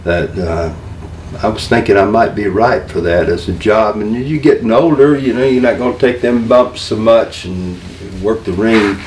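Here the Southern ex-wrestling manager, older now, uses a fairly low voice at a moderate pace. He's a guest telling animated, folksy stories and performing others' words, heard from afar in an echoey space with light hiss.

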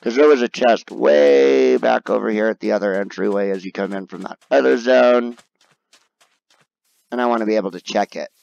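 A man giving casual let's-play commentary, grumbling and yelping high when cornered. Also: moderate pace, gravelly, darkish tone, no room sound, highs cut off. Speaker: gaming video creator.

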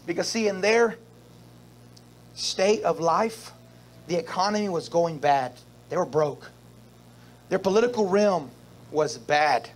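A man with a notably high voice delivers a sermon at an unhurried pace. He repeats phrases for effect and calls out to the congregation, drawing answers back from the pews. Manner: repetitive preaching with call-and-response to the congregation. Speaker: pastor. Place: church service.

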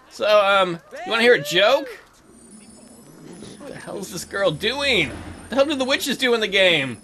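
An excitable young man commentating a life-sim game as he plays it. His high voice swings widely from note to note and has a bright, sharp edge. He jokes and voices the characters' lines between his own remarks. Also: moderate pace, pauses often. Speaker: let's play gamer. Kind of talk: casual gameplay commentary.

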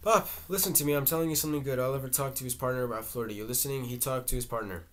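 A man's voice: mid-range voice, steady tone, rapid-fire, slight background noise, lightly acted. Guy reading a grown son begging his dad to listen, urgent and strained. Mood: pleading. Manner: pleading, urgent. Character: grown son, defensive and pleading.

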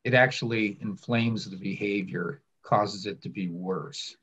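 A man speaking on a webinar, explaining in a measured, deliberate way over a video call. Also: fairly low pitch, steady tone, a bit bright, a little hiss or hum. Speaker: webinar presenter. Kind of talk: explanatory panel talk. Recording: muffled lo-fi call audio.

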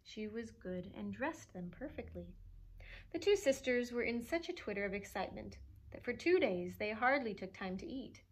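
A woman librarian reading a storybook aloud to children with an expressive, animated delivery. Her voice sits a bit higher than most, and she chuckles over the pictures as she goes. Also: moderate pace, slightly rough.

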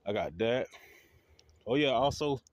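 A man's voice: mid-range voice, lively intonation, measured pace, no echo. A man telling his dream stories in a rambling, profane monologue, laughing at his own tales. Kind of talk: casual storytelling monologue.

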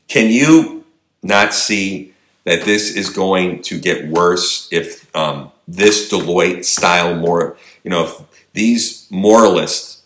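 A man's voice: lowish voice, fairly bright tone, echoey room. A man delivering an emphatic opinion monologue, firing rhetorical questions at his audience. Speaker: political commentator.

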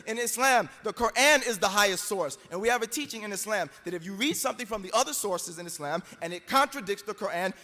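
A man's voice: high-pitched, fairly bright tone. An American man giving an emphatic, argumentative debate speech, quoting scripture to press his case. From United States. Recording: long hall reverb.

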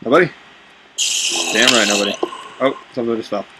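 A young man giving let's play commentary, excitable and swearing, talking back to game characters. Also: mid-range voice, a little fast, very noisy. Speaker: gamer.

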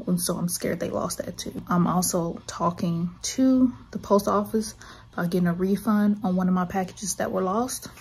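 A woman's voice: fairly low pitch, a little mellow, breathy edge. A woman who runs a small art shop, out of breath, chatting casually in a vlog from her home office and often correcting herself. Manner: rambling, self-correcting. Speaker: artist running a small online shop.

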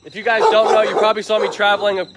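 A man's voice: sits high, little pitch movement, very fast, heavy background noise. A man from Florida chatting on a live stream outdoors at an animal shelter at night, upbeat and repeating himself, with crickets and barking dogs behind. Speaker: livestreaming animal shelter advocate. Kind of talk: casual live-stream chat.

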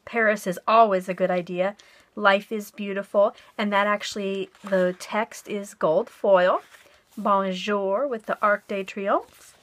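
A woman's voice: medium pitch, steady tone, a little slow, a bit bright. Woman, middle-aged, casual craft vlogger, chatty, describing paper pads as she flips through. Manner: chatty, describes items as she shows them. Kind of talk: casual haul and flip-through narration.

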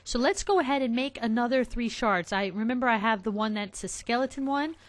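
A woman hosting a game let's play, chatting casually to her viewers and getting excited easily. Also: fairly high pitch, a little fast. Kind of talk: casual gameplay commentary.

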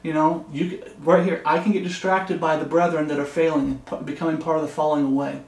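A man's voice: on the high side, little pitch movement, quick pace, darkish tone, echoey room. A man teaching a Bible study in an earnest, repetitive way, reading scripture aloud between remarks. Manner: earnest, repeats and restarts phrases, reads scripture aloud. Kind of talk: sermon-style Bible study.

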